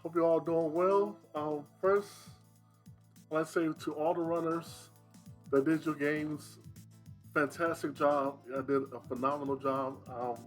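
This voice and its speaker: Slow-talking, relaxed speedrunner man. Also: fairly high pitch, soft background music. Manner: slow, relaxed, chatty with many fillers. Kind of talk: casual livestream chat.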